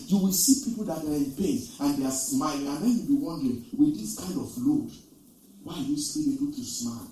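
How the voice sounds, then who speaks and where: A man preaches, his fairly high voice swelling to loud emphasis as he repeats his main points. He is recorded from a distance, and heavy echo fills the large hall around him. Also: a little fast. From Nigeria. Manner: animated storytelling preacher, repeats key lines, rises to loud emphasis. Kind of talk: sermon. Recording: echoey, distant from the mic.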